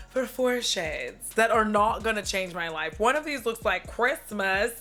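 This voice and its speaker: A woman's voice: a little high, very animated, slow, bright, forceful tone, soft background music. Chatty profane woman beauty vlogger. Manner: chatty, profane, dramatic, makes vocal noises. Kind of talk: casual chat reviewing makeup. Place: at home.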